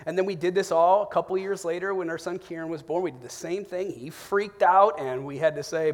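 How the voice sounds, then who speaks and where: A man in his forties delivers a Sunday sermon from the pulpit, his voice sitting slightly higher than most men's. He moves between animated storytelling and quiet, reflective prayer. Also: normal speed. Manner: warm storytelling with animated bursts and soft reflective drops. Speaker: pastor.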